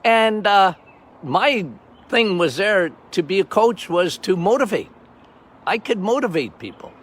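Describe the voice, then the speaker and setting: Older male doctor-host, loud and emphatic, slightly higher-pitched, off-the-cuff monologue. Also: big pitch swings, a little slow. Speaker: health podcast host, doctor. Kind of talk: casual monologue.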